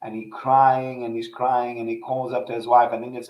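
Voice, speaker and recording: A man's voice: medium pitch, level tone, moderate pace, muffled recording. A man in casual conversation, telling a heartfelt personal story in an earnest way, with many restarts. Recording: echoey room.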